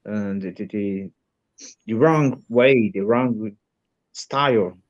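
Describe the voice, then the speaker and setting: Slow, hesitant Brazilian man learning English. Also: lowish voice, muffled recording. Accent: Brazilian Portuguese. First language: Portuguese. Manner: hesitant, searching for words, restarts. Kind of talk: student in an online lesson.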